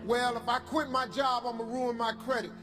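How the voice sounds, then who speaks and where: A man delivers a motivational speech with a preacher's fervent, colloquial cadence. His voice sits high and rings through a reverberant hall. Music plays underneath. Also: level tone, normal speed. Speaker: motivational speaker.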